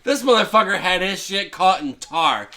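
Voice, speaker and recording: A man with a bright, sharp, slightly high voice tells a movie's plot as a rowdy comedy bit. He swears all the time and often jumps into loud, shouted character voices. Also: animated, moderate pace. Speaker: comedy podcast host. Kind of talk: profane comedic movie retelling.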